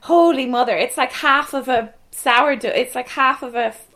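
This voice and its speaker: A woman co-hosting a cookbook podcast, telling stories in an animated way and bursting into laughter. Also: high-pitched, normal speed. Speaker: podcast co-host. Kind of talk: casual chat.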